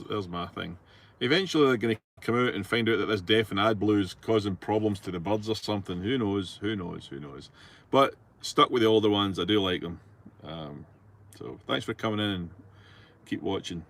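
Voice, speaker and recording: A middle-aged man with a Scottish accent, driving his truck and chatting casually as he reads out viewer messages, rambling and easygoing with plenty of fillers. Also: lowish voice. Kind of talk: casual chat while driving. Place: truck cab on the road.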